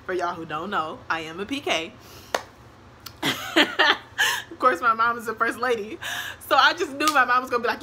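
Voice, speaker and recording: A young woman tells a casual storytime, animated, acting out quotes and laughing often. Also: fairly high pitch, normal speed, long pauses, slight background noise. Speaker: vlogger.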